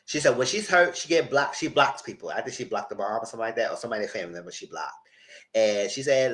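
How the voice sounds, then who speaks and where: Swearing liberally and saying the same things over and over, this man livens up his casual running commentary on a reality show. His voice is mid-range and he talks fast.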